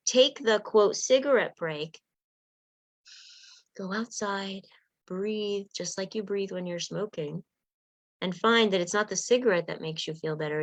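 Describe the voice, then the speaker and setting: A woman's voice: medium pitch, no echo. Female life coach, encouraging workshop delivery, dull dry recording. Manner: earnest, conversational, encouraging. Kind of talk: teaching a self-help workshop. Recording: slightly muffled, dull sound.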